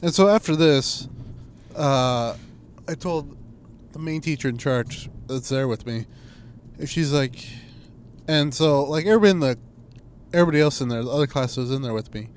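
A young man telling stories in casual chat, animated and swearing, acting out quotes in a raised voice. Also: mid-range voice, normal speed, a little hiss or hum. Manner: animated storyteller, swears, acts out quotes loudly.

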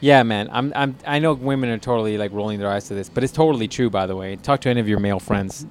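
A man's voice: fairly low pitch, fast, a little hiss or hum. A man co-hosting a podcast, telling a crude story in a loose, casual way with frequent laughs and fillers. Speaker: podcast co-host.

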